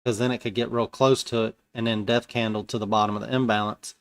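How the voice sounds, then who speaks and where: A man's voice: on the low side, little pitch movement, quick pace. A man giving casual live commentary while day trading futures, thinking aloud in loose, colloquial speech.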